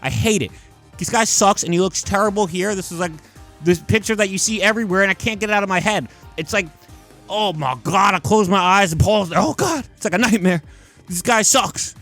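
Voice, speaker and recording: A man's voice: high voice, brisk, fairly bright tone, faint music behind. A man hosting a casual commentary video, ranting in an exasperated, profane and mocking way. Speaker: comic commentary host.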